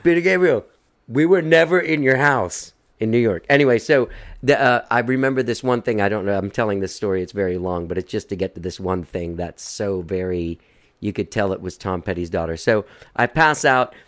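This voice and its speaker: Male host, lowish voice, loose rambling storyteller who laughs through anecdotes and swears freely. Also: fairly quick. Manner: rambling, laughs while telling stories, swears casually. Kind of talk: casual storytelling chat.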